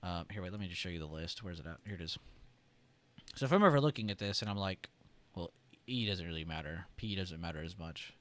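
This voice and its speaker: A man hosting a trading livestream, talking loosely with lots of "like" and "right?", and clearing his irritated throat often. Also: low voice, animated, fast, a bit bright, dry recording. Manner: loose and chatty, heavy on "like" and "right?". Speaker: trading stream host. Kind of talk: casual livestream explanation.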